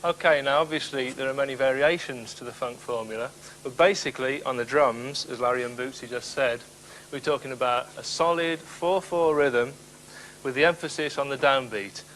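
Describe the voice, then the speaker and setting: Bright-voiced man teaching drum technique. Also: medium pitch, a little hiss or hum, rough recording. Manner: clear step-by-step explaining, counts beats. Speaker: drum instructor. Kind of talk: instructional demonstration.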